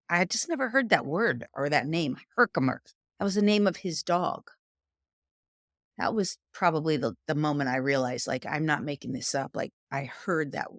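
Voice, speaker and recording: A middle-aged woman from New York with a New York accent, telling her story as a guest in an animated, chatty way. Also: on the low side, no echo, clean studio sound. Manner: animated, chatty, uses "like" often. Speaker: guest, psychic and spiritual teacher. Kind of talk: conversational storytelling.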